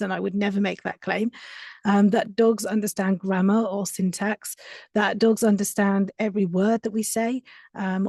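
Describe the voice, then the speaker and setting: A woman's voice: mid-range voice, creaky, warm tone, no room sound, studio quality. A woman presenting on a live stream, carefully explaining research step by step with frequent fillers. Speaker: dog trainer presenting research.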